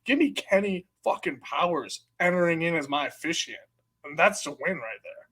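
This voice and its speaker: A man co-hosting a sports podcast in a studio, talking loud and excitable, swearing and laughing now and then. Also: a little high, normal speed, slightly rough. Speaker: podcast co-host. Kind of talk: casual sports chat.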